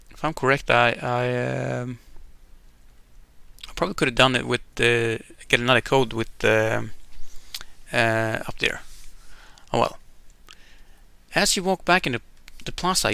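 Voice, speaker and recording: A man's voice: medium pitch, gravelly, sharp tone, smooth, dry recording. A man streaming a game, reading its text aloud in a chatty way with casual asides and laughing at himself. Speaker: gamer streaming an event.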